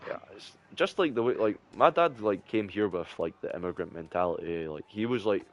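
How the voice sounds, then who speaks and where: A man's voice: lowish voice, a little fast, muffled recording. A young Scottish man streaming and chatting casually, rambling with heavy swearing and lots of fillers. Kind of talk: casual chat.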